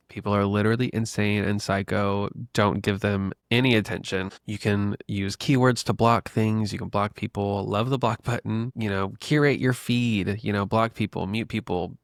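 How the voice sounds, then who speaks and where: A young man with a gravelly, fry-edged voice, pitched a little low, chatting through his own story on a podcast. He talks casually and loosely, packed with fillers, and calls his listeners besties. The sound is close and dry, with no room around it. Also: no room sound. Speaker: podcast host. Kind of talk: casual solo podcast talk.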